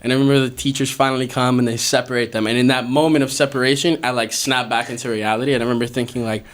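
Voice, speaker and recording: Animated, swearing young man telling a story. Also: medium pitch, very fast. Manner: animated, profane, laughing storyteller. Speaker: podcast host. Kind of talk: casual storytelling among friends. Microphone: podcast studio mic.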